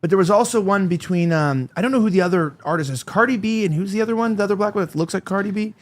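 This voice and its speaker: A man's voice: high voice, rapid-fire. A man hosting a podcast in casual chat, rambling and full of filler words. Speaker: podcast host.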